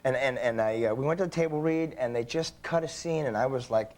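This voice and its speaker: A young adult man, an actor guest on a talk show, telling stories in a casual, animated way and acting out the voices in them. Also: mid-range voice, a little fast. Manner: animated storyteller, acting out voices in his anecdotes.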